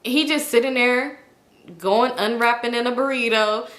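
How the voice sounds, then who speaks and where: A woman telling a storytime in a casual, animated, slangy way with lots of swearing. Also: a little high, moderate pace. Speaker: storytime vlogger. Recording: echoey room.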